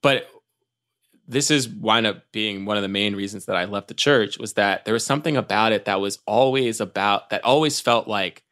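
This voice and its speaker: A man's voice: on the low side, a bit bright. A man talking casually as a podcast guest, stopping and restarting often. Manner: halting, many restarts and "like"s. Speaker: podcast guest, former church member.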